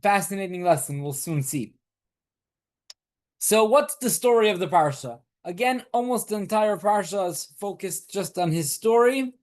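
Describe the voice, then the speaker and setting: A man's high, expressive voice moves at a moderate pace as he, a rabbi, teaches a small weekly Torah class. He explains with patience, restates the key ideas, asks rhetorical questions, and calls on students with questions.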